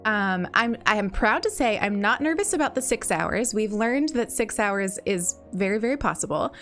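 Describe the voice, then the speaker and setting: A woman's voice: medium pitch, lively intonation, moderate pace, a bit bright, soft background music. A woman hosting a livestream in casual chat. She greets viewers in a bubbly way, repeats her phrases and laughs often, and has a slight morning cough. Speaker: livestream host.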